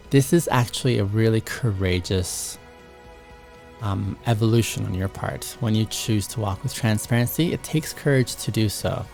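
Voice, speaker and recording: A man's voice: lowish voice, a little mellow. A man hosting a motivational talk to men, earnest, acting out short dialogues as examples. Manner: earnest, acts out little dialogues. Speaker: host.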